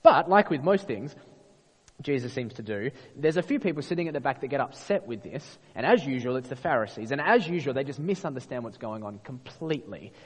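Casting note: male preacher, expressive, rhetorical questions, long church-hall reverb. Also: medium pitch, a little fast, breathy edge. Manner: expressive, rhetorical questions, acts out quoted voices. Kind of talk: sermon.

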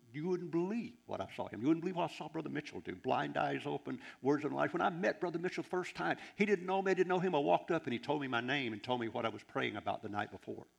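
A man in his sixties, a preacher, telling anecdotes in an animated, rambling way with many restarts. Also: medium pitch, gravelly. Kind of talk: anecdotal sermon storytelling.

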